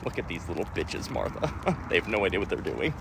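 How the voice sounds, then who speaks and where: A man's voice: deep voice, big pitch swings, fast talker, creaky, background noise, pitched below the performer's own voice, heavily acted. A man voicing a smug old grandfather who sneers at young parents. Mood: sneering. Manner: sneering, chuckling.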